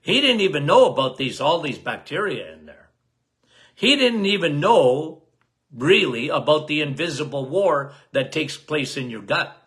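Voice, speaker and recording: Man, health podcast host, loud and emphatic, slow deliberate delivery, repeats phrases. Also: very animated. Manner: loud, emphatic, cannot lower his volume; repeats key phrases, addresses listeners as guys. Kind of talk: casual health talk to listeners.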